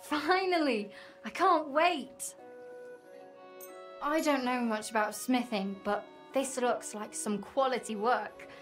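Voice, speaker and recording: A woman's voice: fairly high pitch, slow pace, fairly bright tone. An actress playing an eager, friendly townswoman picking up work from a smith in a game. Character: cheerful townswoman collecting a smithing order. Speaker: video game character. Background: faint music.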